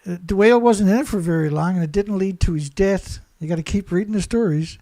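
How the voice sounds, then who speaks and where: A man speaks high in his range, close and dry with no room around him. His commentary drips with sarcasm. He tosses out rhetorical questions, laughs at his own jabs and drags out the words he wants to stress. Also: quick pace, dark tone, no echo. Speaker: environmental commentator.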